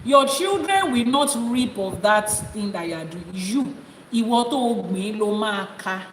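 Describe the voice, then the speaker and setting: A woman's voice: mid-range voice, animated, moderate pace. A Nigerian woman with a Yoruba accent, an Ifa priestess and teacher giving a live-streamed teaching and answering viewers' comments. She talks in a forthright, scolding way and switches between English and Yoruba. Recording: roomy echo with long reverb, faint noise.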